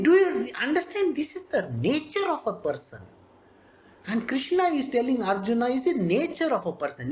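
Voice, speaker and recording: A spiritual teacher gives an animated scripture discourse, acting out characters and laughing often. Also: medium pitch.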